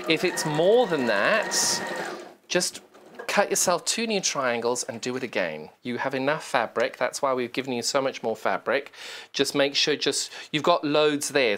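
On a shopping channel, a sewing presenter runs a live TV demonstration, explaining each step as she works, chatting away, poking fun at herself and even talking to the sewing machine. Her voice is medium-pitched and a bit bright, with a little hiss or hum in the audio.

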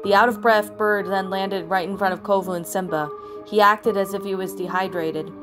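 Woman reading a story over soft music. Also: mid-range voice, normal speed. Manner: plain, even read-aloud narration with small slips. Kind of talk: reading fan fiction aloud. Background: soft background music.

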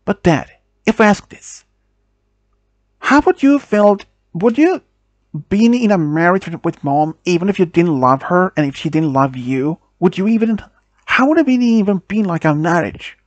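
A man's voice: high voice, animated, normal speed, dry recording, voice pushed up. A man voicing a pleading teenage girl. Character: teenage girl Janet, upset but defiant.

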